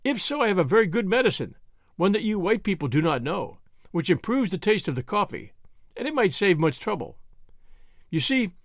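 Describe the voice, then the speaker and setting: Brief: male reader voicing a crafty, wheedling servant, pitched up, lively audiobook read. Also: moderate pace, no room sound, studio quality. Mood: sly, wheedling. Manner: wheedling, conspiratorial. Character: sly, scheming male servant, middle-aged. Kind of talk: audiobook reading.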